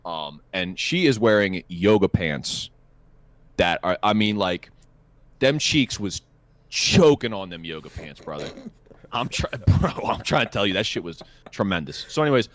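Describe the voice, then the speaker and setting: A man's voice: low voice, big pitch swings, normal speed. A young man co-hosting a podcast, telling a crude, profane story in a rambling way with stammers and restarts. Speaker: podcast co-host. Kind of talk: casual storytelling chat.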